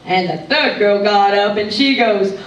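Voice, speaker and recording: A woman's voice: measured pace, natural voice. A woman playing a folksy, giggly country comedienne, telling jokes in a live stand-up monologue on stage. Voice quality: high, bubbly voice with frequent giggles. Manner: chatty, gossipy country storytelling. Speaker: tribute comedian. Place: stage show in a hall. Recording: echoey hall, mic from far off.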